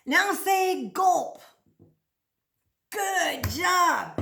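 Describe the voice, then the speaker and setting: Super high-pitched lady doing a kids speech lesson, slow and animated, kinda echoey room. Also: a little hiss or hum. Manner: animated, encouraging, slow over-articulated prompts. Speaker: children's speech teacher.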